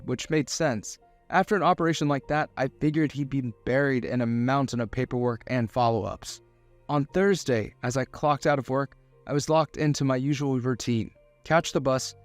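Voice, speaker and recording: A man narrating a first-person romance story in a steady scripted delivery. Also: medium pitch.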